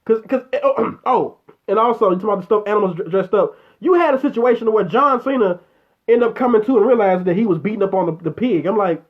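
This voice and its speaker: Profane ranting man, high voice. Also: fairly quick, dull audio. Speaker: show host. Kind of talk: casual chat reacting to viewers.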